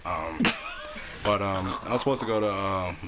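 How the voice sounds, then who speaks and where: Dry teasing low-voiced co-host. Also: male voice, moderate pace. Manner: dry, teasing, laid-back. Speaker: podcast co-host. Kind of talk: casual banter. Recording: loud noisy recording.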